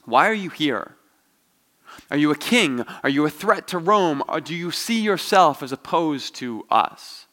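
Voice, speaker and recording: A man reading the lines of a stern, imperious Roman governor, asking sharp, interrogating questions during a dramatic reading from a novel. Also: a little high, lively intonation, a little slow.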